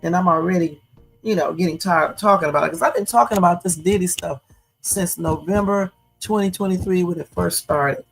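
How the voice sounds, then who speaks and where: Faint music runs under this late-night livestream, where a woman with a fairly low voice speaks briskly. She keeps it casual and talks right to her viewers, calling them "y'all."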